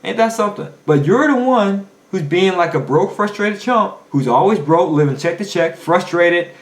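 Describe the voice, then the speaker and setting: A man's voice: high voice, animated, moderate pace. Emphatic man coaching in an echoey room. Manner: emphatic, preachy, rhetorical questions. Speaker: finance coach. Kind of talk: motivational monologue.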